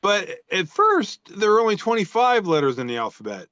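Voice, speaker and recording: A man on a casual podcast, joking his way through posts, with plenty of fillers and restarts. His voice sits a little high. The recording is dry and a bit dull, like a home setup. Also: big pitch swings, brisk, bright, forceful tone, no room sound. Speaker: podcast co-host reading social media posts. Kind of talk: casual chat.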